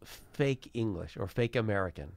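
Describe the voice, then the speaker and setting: A sleep-deprived man telling a travel story on a podcast, animated and laughing. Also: fairly low pitch, normal speed, vocal fry, no echo. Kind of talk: casual chat.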